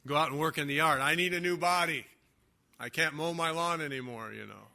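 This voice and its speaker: An older man preaching a sermon, stressing key words slowly and swinging between loud declarations and quiet asides. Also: a little high, gravelly. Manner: emphatic preaching, stretching key words, rising and dropping loudness. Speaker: pastor.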